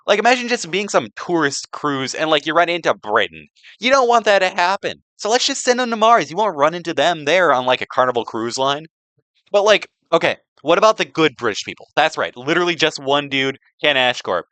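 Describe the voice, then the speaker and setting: A man's voice: a little high, a bit bright, no room sound. A young man giving a rambling, sarcastic slideshow presentation, packed with "like" and restarts. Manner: filler-heavy, sarcastic, restarts a lot.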